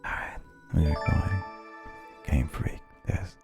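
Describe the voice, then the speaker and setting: A man's voice: rumbling low, slow, long pauses, darkish tone, faint music behind. A young man streaming a game, chatting casually with viewers in a rambling way and laughing often. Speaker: gaming livestreamer. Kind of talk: casual livestream chat with viewers.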